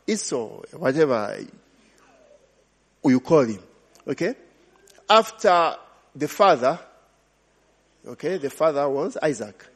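Slow husky pastor preaching. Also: male voice, a little high, a little mellow. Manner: call-and-response, repeating hallelujah and glory be to God. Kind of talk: sermon. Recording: long hall reverb.

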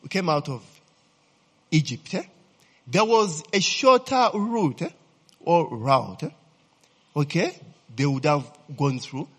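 Male pastor, lively sermon voice, slightly husky, long hall echo. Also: fairly high pitch. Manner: animated, asks the congregation to fill in words, frequent "eh?" tags. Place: church hall. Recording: long reverb of a church hall.

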